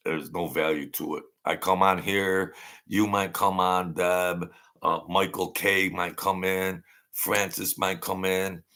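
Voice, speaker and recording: A man's voice: deep voice, sharp tone. A middle-aged man, chatting bluntly and rambling on a casual livestream, often repeating himself. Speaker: livestream host.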